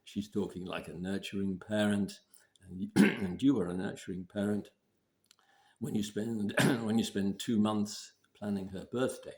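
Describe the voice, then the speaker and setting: A man giving relationship advice in a measured way, often clearing his throat and repeating points for emphasis. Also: on the low side, a little mellow. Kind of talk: advice talk to camera.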